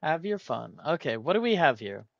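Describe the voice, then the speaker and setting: A man's voice: on the high side, very animated, fairly quick, gravelly, no room sound, highs cut off. A man thinking aloud while solving a word puzzle, hesitating and weighing each option as he goes.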